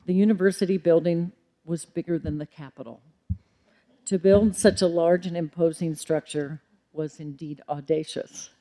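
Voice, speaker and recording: A middle-aged librarian gives a formal public lecture, speaking in a measured way with occasional ums and self-corrections. Her voice sits fairly low, with a steady, warm tone.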